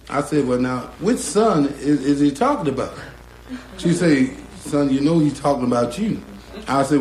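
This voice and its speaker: A middle-aged man, a guitarist, telling a story slowly and drawling, acting out the voices of the people in it. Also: a little high, lively intonation, a little mellow, slight background noise. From North Carolina. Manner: slow, drawling, acts out quoted voices. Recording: roomy echo, guitar behind.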